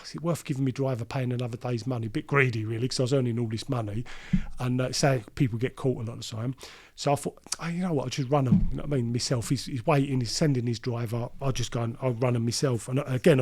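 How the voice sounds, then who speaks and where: A man's voice: medium pitch, fast, few pauses. Man telling a gritty story. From London. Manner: animated storyteller, restarts and repeats, acts out quoted voices. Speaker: interview guest. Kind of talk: storytelling in a casual interview.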